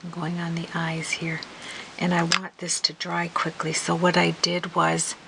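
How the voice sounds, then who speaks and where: A middle-aged woman chatting casually as she works on a crafting video, murmuring softly and then breaking into giggles and apologies. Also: lowish voice, completely flat delivery, unhurried, creaky, noisy background. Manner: soft murmuring while working, bursting into laughter and giggly apologies. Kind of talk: casual crafting tutorial chat. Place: home craft room. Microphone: camera mic.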